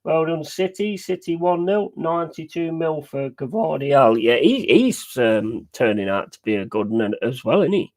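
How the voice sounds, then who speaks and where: A man chatting casually and excitedly over a live match, swearing freely and rambling through stories. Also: a little high, unhurried, few pauses. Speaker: watch-along streamer.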